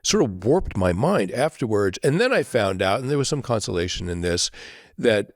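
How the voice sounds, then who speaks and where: Man, podcast guest, reflective storytelling, earnest, lowish pitch, dry studio sound. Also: sing-song, normal speed, no room sound. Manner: earnest, often tags sentences with "right?".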